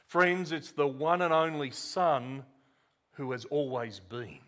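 Male preacher, unhurried sermon delivery, emphatic, drops low and quiet for stress. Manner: deliberate, emphatic, with repeated words and sharp drops in volume.

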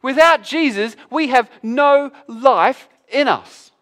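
A man preaching a sermon, animated and conversational, acting out both sides of a Bible passage in quick voices. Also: extremely high pitch. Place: church hall with an audience.

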